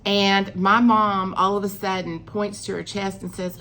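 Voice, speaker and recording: A woman's voice: mid-range voice, flat delivery, unhurried, a bit bright, slight background noise. A middle-aged woman, telling a personal story in a chatty vlog, acting out what people said. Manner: chatty, acts out quoted lines with rising emphasis. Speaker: vlogger.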